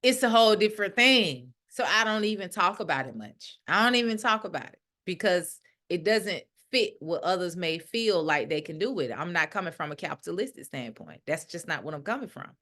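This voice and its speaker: Woman preaching kinda casual, really expressive, bright voice, jumps into quoting people. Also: lowish voice, a little fast, hardly any pauses. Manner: animated, acts out quoted voices. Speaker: ministry leader. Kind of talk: casual spiritual talk.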